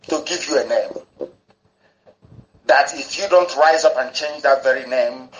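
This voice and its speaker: A man's voice: a little high, roomy sound, poor audio. A man broadcasting an impassioned political talk on the radio, fervent, and he spells words out letter by letter.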